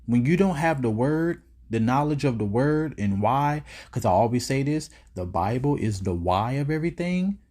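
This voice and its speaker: A man's voice: medium pitch, animated, moderate pace, few pauses, a little mellow. Breathless man preaching scripture. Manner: preachy, quotes scripture at length; casual street talk. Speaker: scripture commentator reacting to a clip. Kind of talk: religious reaction commentary.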